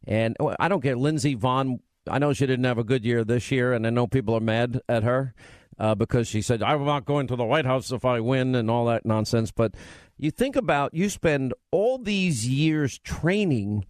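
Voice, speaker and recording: A man's voice: mid-range voice, moderate pace, no room sound. A man hosting a radio talk show, rambling and teasing in casual on-air banter.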